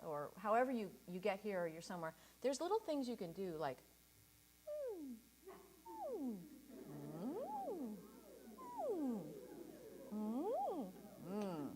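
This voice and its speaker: A woman leading a choir rehearsal, encouraging the singers and demonstrating breathing and staccato warm-up sounds. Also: mid-range voice, slight background noise. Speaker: choir director.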